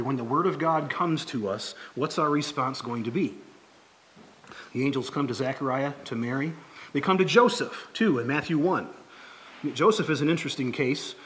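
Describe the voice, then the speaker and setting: A man preaching a sermon as a pastor, talking in a conversational, halting way with frequent restarts and fillers. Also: mid-range voice, a little hiss or hum.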